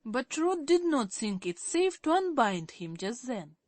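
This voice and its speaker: A woman reads a classic storybook aloud at a slow, deliberate pace. Her pitch is fairly high and very lively, rising and falling with each sentence. The recording is dry and close. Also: no echo. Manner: expressive, deliberate. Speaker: audiobook narrator. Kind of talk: scripted narration.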